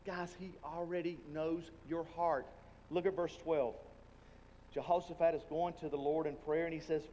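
Male pastor, earnest conversational preaching, slightly higher voice, sanctuary reverb. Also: a little mellow. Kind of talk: sermon. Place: church sanctuary. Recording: long hall reverb, faint room noise.

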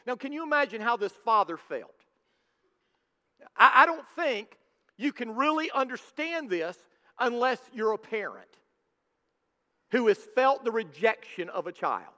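A man preaching a sermon as a pastor, emphatic and rising to shouts at the high points. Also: lively intonation, measured pace, pauses often. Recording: long hall reverb.

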